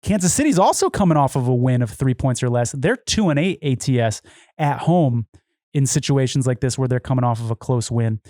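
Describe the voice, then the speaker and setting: A man's voice: mid-range voice, animated, brisk, dark tone, no echo, studio quality. A man co-hosting a podcast, running through betting lines and stats in casual chat. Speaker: podcast co-host.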